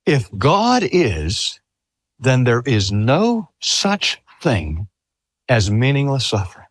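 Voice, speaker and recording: A man's voice: mid-range voice, wildly swooping pitch, slow pace, no room sound. An older man preaching a sermon. He speaks earnestly, drags out key phrases for emphasis and asks the listeners rhetorical questions. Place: talk at a cancer hospital.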